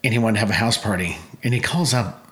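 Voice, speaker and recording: A man in his forties, a guest and pizza business owner, telling rambling, animated stories in casual chat. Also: fairly low pitch, fast. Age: 40s. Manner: animated, rambling anecdotes with voiced quotes. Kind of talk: casual storytelling.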